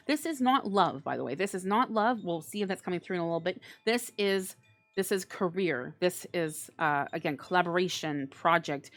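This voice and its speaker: A woman's voice: mid-range voice, expressive, moderate pace. Chatty woman doing a tarot reading. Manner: chatty, bubbly, laughs often, filler-heavy. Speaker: tarot reader. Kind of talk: casual tarot reading to camera.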